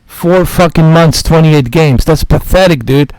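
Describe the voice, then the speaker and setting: A man's voice: fairly high pitch, measured pace, darkish tone, clear, resonant tone, no echo, clean studio sound. A man ranting heatedly as a gaming vlogger, swearing often and repeating his points in exasperation. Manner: profane, repetitive, exasperated. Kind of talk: heated rant to camera.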